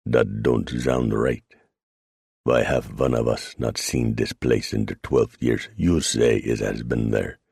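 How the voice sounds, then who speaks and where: A man voicing a blunt, skeptical male fur trapper with a German accent, speaking slowly and doubtfully. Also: extremely low pitch, steady tone, gravelly, a little mellow, slightly rough, dry recording, studio quality, exaggerated voice. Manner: slow, doubting speech.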